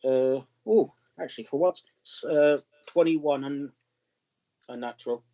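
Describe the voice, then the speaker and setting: A man's voice: a little high, measured pace, warm tone. A man chatting playfully as a player in a tabletop game. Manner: playful, slips into his character's lines. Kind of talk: casual game chat. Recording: muffled lo-fi stream audio.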